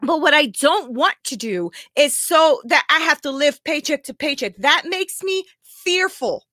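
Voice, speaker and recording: A woman's voice: high-pitched, animated, measured pace, pushed and bright, no room sound. A woman life coach talking openly and emotionally to her viewers, close to tears, often asking "right?". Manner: raw, confessional, keeps asking "right?". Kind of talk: emotional live talk to viewers.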